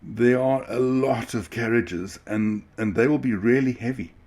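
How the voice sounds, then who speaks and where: A man voicing a kind, worried male train driver in a children's story, speaking slowly and carefully. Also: mid-range voice, darkish tone, pitched above the performer's own voice, close to an everyday voice. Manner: cautious, worried.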